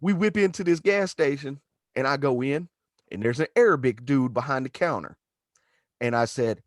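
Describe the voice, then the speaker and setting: A man's voice: medium pitch, moderate pace, no echo, clean studio sound. A man, a stand-up comedian telling a profane story as a guest and acting out the quotes. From Chattanooga, Tennessee. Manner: animated, profane, acts out quotes.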